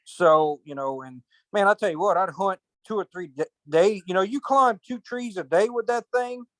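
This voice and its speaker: A man's voice: high-pitched, fairly bright tone, no room sound. Drawling man telling hunting stories. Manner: rambling, colloquial, drawn-out storytelling with cursing. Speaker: podcast host. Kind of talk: casual storytelling chat.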